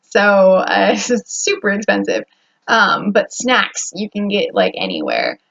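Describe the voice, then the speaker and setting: A woman's voice: medium pitch, wildly swooping pitch, unhurried, gravelly, a bit bright. A young American woman talking casually to the camera about her days, rambling with fillers and restarts. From United States. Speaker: vlogger. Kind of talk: casual vlog talk to camera. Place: indoor room at home. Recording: slightly dull lo-fi audio.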